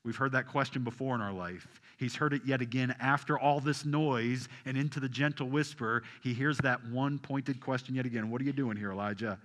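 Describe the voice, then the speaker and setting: A man preaching a sermon to a congregation, asking them questions and swinging from loud emphasis down to soft, hushed lines. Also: mid-range voice, moderate pace, hardly any pauses, in a large hall. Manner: animated, rising loud for emphasis then dropping soft. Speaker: pastor.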